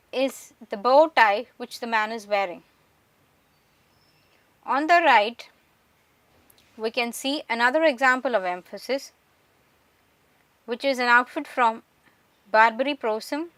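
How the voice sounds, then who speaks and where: A woman giving a measured, scripted lecture, explaining slides one by one. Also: on the high side, fairly bright tone, no room sound. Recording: voice distant from the mic.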